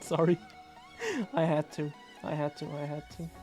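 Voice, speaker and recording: A woman's voice: low-pitched, flat delivery, faint music behind. A young woman streaming live, chatting casually with viewers, swearing and laughing easily. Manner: loud swearing outbursts and quick laughter.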